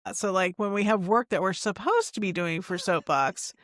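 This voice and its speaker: A woman's voice: medium pitch, moderate pace, fairly bright tone, dry recording, studio quality. A middle-aged woman co-hosting a podcast, chatting casually and playfully about tech while prompting her co-host with questions.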